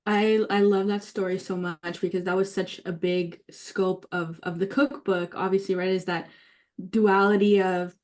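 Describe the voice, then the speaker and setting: A woman's voice: mid-range voice, flat delivery, moderate pace, darkish tone. Eager woman leading a writing workshop. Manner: enthusiastic, thinking aloud with many fillers. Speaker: workshop leader.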